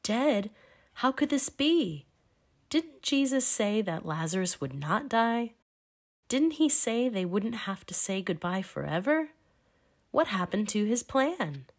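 A woman's voice: mid-range voice, very animated, slow, voice pushed up, heavily acted. A woman voicing the disciples as bewildered, questioning men in a children's Bible storybook read-aloud.

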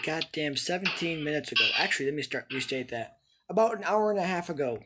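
A man's voice: a little high, lively intonation, fast talker, bright, forceful tone, a little hiss or hum. A young man giving frustrated, swearing let's-play commentary from his room, ranting and exasperated. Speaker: gaming YouTuber.

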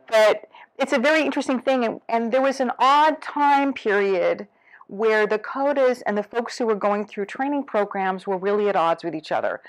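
A middle-aged woman professor gives a lecture at a medium pitch. She talks with lively energy, speeds up on her asides and drops into little acted-out quotes. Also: poor audio. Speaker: professor giving a talk.

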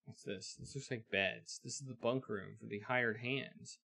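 Male streamer, live let's-play, reads the game's text aloud with dry asides; unhurried, raspy-edged voice. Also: mid-range voice, steady tone, bright, forceful tone. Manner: wry, reads game text aloud and remarks on it. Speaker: streamer playing a video game.

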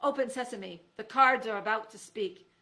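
A quick-thinking boy from a storybook who puts on the showy patter of a stage magician, voiced by a woman reading aloud. The tone is bright and a little gravelly. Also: fairly high pitch.

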